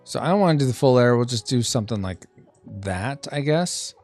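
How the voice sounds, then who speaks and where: Streamer host, man, chatty and animated, playful asides, faint music bed. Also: mid-range voice, a little fast. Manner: thinks aloud, reads chat, playful sound effects. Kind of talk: casual live-stream chat while drawing.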